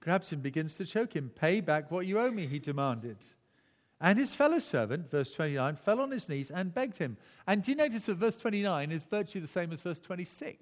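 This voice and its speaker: A man preaching a sermon in a relaxed, conversational way, often restarting phrases and chuckling. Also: a little high, brisk, long reverb tail.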